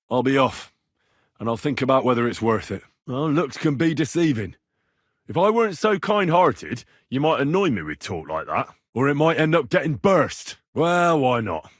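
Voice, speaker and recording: Male actor as a plainspoken young medieval commoner hero for a game, husky, animated delivery, dry booth sound. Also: mid-range voice, no echo, natural voice. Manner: sardonic, swears freely. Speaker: game protagonist. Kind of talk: game voice lines.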